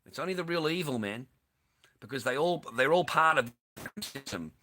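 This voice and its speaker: A man's voice: on the high side, animated, normal speed, pushed and bright, a little hiss or hum. A man ranting over news clips in a crude, sweary, sarcastic way. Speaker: online streamer.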